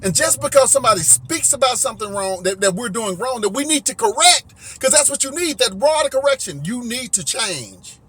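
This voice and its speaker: Middle-aged guy preaching his take from the car, high-pitched, cussing and repeating himself. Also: animated, brisk, few pauses, bright, forceful tone, breathy edge. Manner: emphatic, preachy, swears, repeats and restarts. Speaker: commentary vlogger. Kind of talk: heated opinion monologue.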